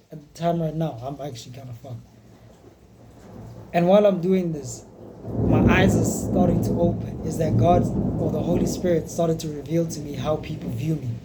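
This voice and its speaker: A man's voice: a little high, mellow, a little hiss or hum. A man in his twenties speaking in a frank, raw, profane confessional vlog monologue. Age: 20s.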